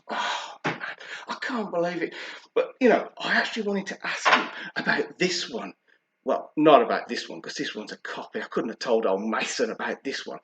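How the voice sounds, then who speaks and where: A British man, a fragrance reviewer, telling a story in a chatty, animated way. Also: sits high, dull audio. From United Kingdom. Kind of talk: storytelling vlog. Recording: roomy echo.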